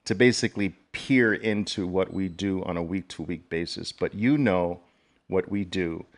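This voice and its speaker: A man hosting a live online trading session, talking with plenty of fillers and repeating phrases, at times excitedly. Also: sits low, normal speed. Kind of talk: live webinar talk.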